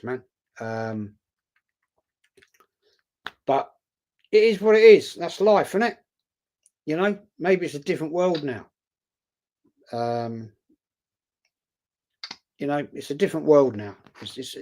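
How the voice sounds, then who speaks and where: A man's voice: mid-range voice, a little mellow. A man chatting casually on a live stream, reading out viewer comments and answering them bluntly. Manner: blunt, outspoken, chatty, calls viewers mate.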